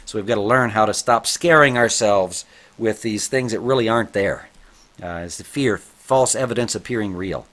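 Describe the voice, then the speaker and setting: A man's voice: on the low side, normal speed, fairly bright tone. A man who teaches martial arts, talking casually on a motivational podcast and reading book passages aloud between his own comments.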